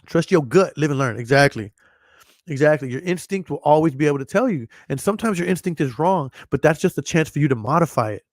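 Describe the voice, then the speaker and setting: A man with a slightly high voice hosts a podcast, speaking bluntly and swearing freely. He rambles, restarting his sentences over and over. The sound is close and dry, with no room around it. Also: lively intonation, quick pace, no room sound. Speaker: podcast host. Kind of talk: casual chat.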